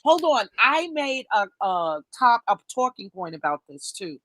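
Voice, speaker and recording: Co-host, female, bright tense tone, dry sound, earnest and expressive. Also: mid-range voice, measured pace, no echo. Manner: expressive, exclaiming, shifts to earnest questions. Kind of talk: casual gossip chat.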